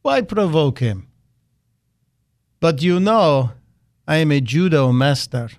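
A man putting on a deliberately bad fake Russian accent to impersonate a Russian leader, speaking slowly and solemnly. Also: on the high side, lively intonation, darkish tone, no echo, clean studio sound. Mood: smug.

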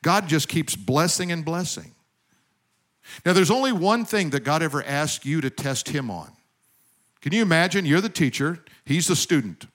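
A man's voice: fairly high pitch, animated, normal speed. Storytelling male preacher. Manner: storytelling with swings between loud emphasis and quiet asides. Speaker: pastor. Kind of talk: sermon.

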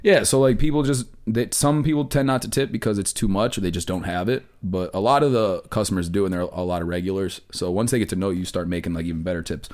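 A young man rattles off stories at a quick clip, his voice sitting a little low. He talks casually and animatedly about delivering pizzas, breaking into laughs along the way. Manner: animated storyteller, laughs often. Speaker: pizza delivery driver guest. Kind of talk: casual podcast chat.

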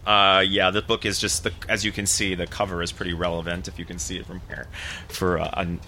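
Deep-voiced man, halting and unpolished. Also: flat delivery, bright, forceful tone, slight background noise. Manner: halting, many fillers. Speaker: author. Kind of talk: casual remarks before a reading.

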